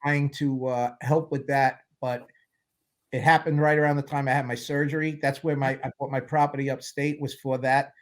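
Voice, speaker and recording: A man's voice: mid-range voice, little pitch movement, normal speed. Chatty man in his sixties, telling wry stories. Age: 60s. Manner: candid, rambling storyteller with wry humor. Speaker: guest film producer. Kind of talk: casual interview chat.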